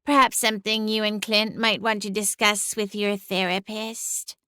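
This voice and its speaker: A woman's voice: medium pitch, level tone, normal speed, bright, forceful tone, clean tone, natural voice. A woman voicing a smug, sassy female cat familiar in an audiobook, with a drawling, sing-song, condescending delivery. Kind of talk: audiobook character voice.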